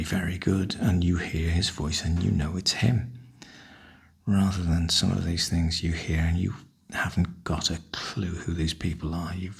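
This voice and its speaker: An older man, softly half-whispering a wry, chatty ASMR ramble. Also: low voice, gravelly, slightly rough. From northern UK. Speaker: ASMR host.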